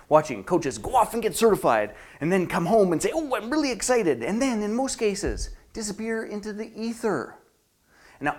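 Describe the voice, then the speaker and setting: A middle-aged business coach giving an animated, theatrical promotional presentation straight to the listener. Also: mid-range voice. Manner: animated, theatrical, acts out quoted voices.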